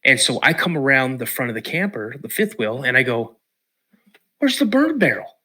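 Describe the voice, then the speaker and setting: A man from Washington State, a podcast guest telling an animated story and acting out the other people's lines. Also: mid-range voice, fairly quick. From Washington State, USA. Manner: lively storyteller who acts out the voices of others.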